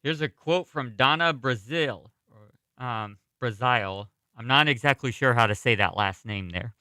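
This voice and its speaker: A man hosting a morning radio show, reading a story aloud at a steady pace and now and then correcting himself. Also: mid-range voice, unhurried, clean tone, no room sound. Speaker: radio host. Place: college radio studio. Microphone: studio microphone.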